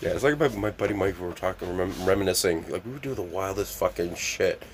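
A man telling wild stories in casual chat, swearing freely and loudly acting out the scenes. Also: deep voice, quick pace, crowd noise. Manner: animated storyteller, swears a lot, acts out scenes loudly.

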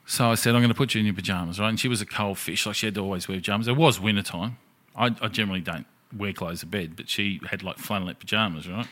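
A man's voice: on the low side, fast talker, a bit bright. Profane man telling a story. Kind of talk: casual storytelling chat.

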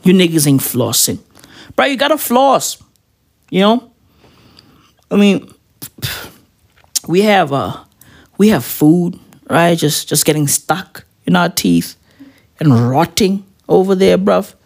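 Woman for a comedy rant: crude, repetitive bro-slang patter, slow and unhurried. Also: lowish voice, expressive, darkish tone.

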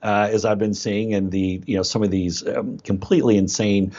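A man's voice: on the low side, level tone, normal speed, a little mellow. A man answering interview questions in an assured, pointed manner, over dull lo-fi audio. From United States. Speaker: guest.

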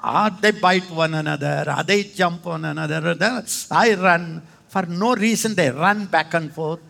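A male preacher, giving a lively sermon and often jumping into high, excited exclamations. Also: unhurried, creaky. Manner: addresses listeners as "Thambi" and "Anna".

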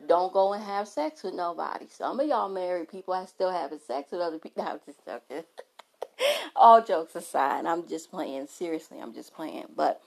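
A woman's voice: fairly low pitch, gravelly. A middle-aged woman vlogger talking frankly and emphatically to her followers, often restarting her sentences. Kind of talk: candid talk to camera.

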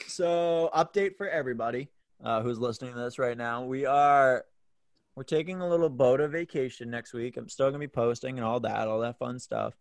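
A young podcast host with a mid-pitched voice and a dry, close sound runs the show from a home room. He swears freely, bursts into loud mock outrage and moves the chat along. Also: a little fast, no room sound. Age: 20s. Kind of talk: casual podcast banter.

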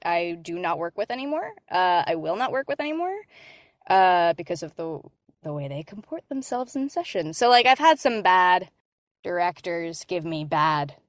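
An American woman voice actor chatting casually in an interview, animated, laughing often and using many fillers. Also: lowish voice, dry recording, studio quality. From Hispanic American.

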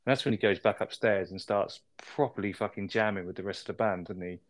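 A man talks over film scenes in casual podcast chat, often ending with "isn't it?" His voice sits a little low, and he swears freely as he recaps. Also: steady tone, fast. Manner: sweary, chatty, seeks agreement with tag questions. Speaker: podcast co-host reviewing a film.

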